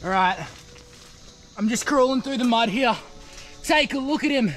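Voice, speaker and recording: High-voiced Australian outdoor vlogger. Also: male voice, moderate pace, faint music behind. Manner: energetic, excitable, says mate often. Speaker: wildlife adventure vlogger. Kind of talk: outdoor vlog narration. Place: outdoors in muddy mangroves.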